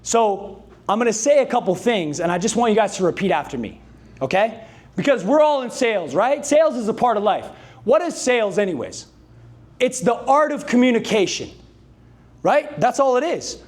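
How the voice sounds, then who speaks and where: High-voiced hype man coaching a sales crowd. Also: normal speed. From Canada. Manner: energetic, hype-driven, calls on the audience to answer and repeat. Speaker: sales trainer. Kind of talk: motivational speech to a live sales team. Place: dealership meeting room with a live audience.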